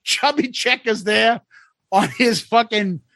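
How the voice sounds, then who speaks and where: Podcast host guy, high lively voice, gravelly edges, swears a lot. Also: slow, no room sound. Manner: animated, profane storytelling. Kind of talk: casual chat.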